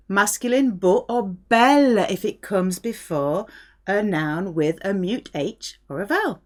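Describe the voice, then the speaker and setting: A middle-aged woman from France giving a language lesson, patiently explaining and modelling phrases clearly. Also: medium pitch, takes it slowly. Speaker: French teacher.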